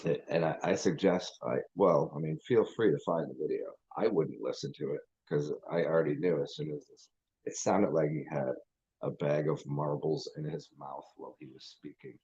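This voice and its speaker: A man's voice: a bass voice, normal speed, dark tone, slightly rough, lo-fi sound. A man hosting his channel, ranting in a rambling, profane way with lots of restarts. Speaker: channel host. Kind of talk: casual livestream rant.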